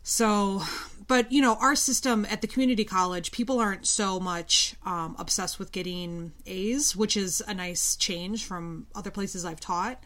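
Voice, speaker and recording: A woman's voice: medium pitch, moderate pace, fairly bright tone. A young woman who teaches at a community college, co-hosting a podcast and telling candid stories in casual chat. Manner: candid storyteller, lots of fillers and quoted dialogue.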